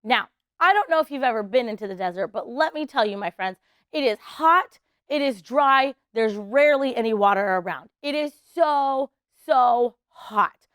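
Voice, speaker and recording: A woman teaching preschoolers at church, telling a Bible story in an animated way and getting the kids to act along. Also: a little high, normal speed, clear, resonant tone, dry recording, studio quality. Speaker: children's ministry teacher.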